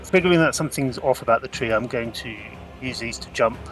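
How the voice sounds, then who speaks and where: A man's voice: medium pitch, fairly quick, fairly bright tone. A man plays a tabletop game and keeps asking careful questions about the scene. His tone stays casual. Faint music runs underneath. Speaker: player.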